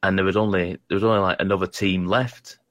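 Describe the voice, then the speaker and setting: A man with a deep, low-pitched voice chats casually about video games. He rambles and stumbles over his words, often poking fun at himself, and sounds close and dry. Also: flat delivery, fairly bright tone, dry recording. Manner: rambling, halting, self-deprecating. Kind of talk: casual gaming chat.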